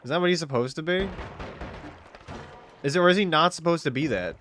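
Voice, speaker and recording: A man's voice: fairly high pitch, a little fast, fairly bright tone, a little hiss or hum. A man streaming a game, chatting casually, joking and swearing, with sudden yelps. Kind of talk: casual gaming stream commentary.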